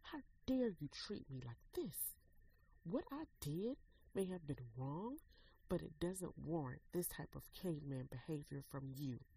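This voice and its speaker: A woman's voice: deep voice, lively intonation, unhurried, vocal fry, warm tone, husky, full character voice, poor audio. A woman reading a story aloud, voicing a hurt, indignant wife confronting her husband.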